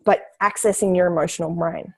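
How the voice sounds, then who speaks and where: A woman's voice: lowish voice, steady tone, a little fast, poor audio. A woman guest in an interview, a coach explaining her ideas in a direct, confident way. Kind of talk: casual conversational interview.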